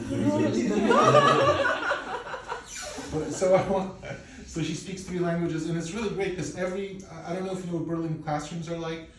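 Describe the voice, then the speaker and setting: A man in his thirties, originally from Poland, doing a stand-up set with animated, profane, self-mocking storytelling. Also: fairly high pitch, moderate pace. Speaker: stand-up comedian. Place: comedy club. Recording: echoey club, distant mic, faint noise.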